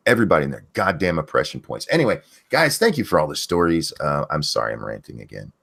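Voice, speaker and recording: A man's voice: sits low, huge pitch swings, fast, vocal fry, few pauses, fairly bright tone, slightly rough. A man hosting a livestream, ranting bluntly and swearing a lot. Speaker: channel host. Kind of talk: profane ranting commentary on a stream.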